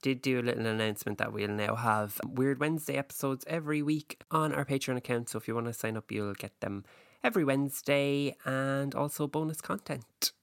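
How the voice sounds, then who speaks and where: A man's voice: medium pitch, a little fast, creaky, fairly bright tone, no echo. A man co-hosting a podcast, chatting casually with dry, teasing humor. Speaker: podcast co-host. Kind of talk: casual chat.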